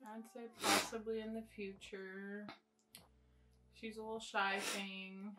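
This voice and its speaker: A young adult woman, a beauty vlogger, chats casually while doing her makeup in a get-ready-with-me video, rambling and blunt with plenty of swearing. Her medium-pitched voice is flat and slow, and the recording is very noisy.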